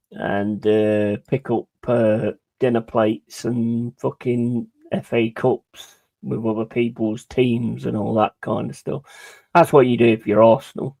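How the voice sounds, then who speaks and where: A man's voice: mid-range voice, little pitch movement, a little slow, vocal fry, a little mellow, low-quality recording. A man streaming a football watch-along, talking in a heated, blunt, sweary casual rant. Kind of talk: casual ranting stream chat.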